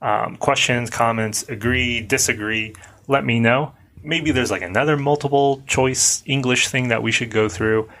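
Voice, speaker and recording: A man coaching English conversation in a casual, relaxed lesson, talking things through and stressing words for emphasis. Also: medium pitch, moderate pace.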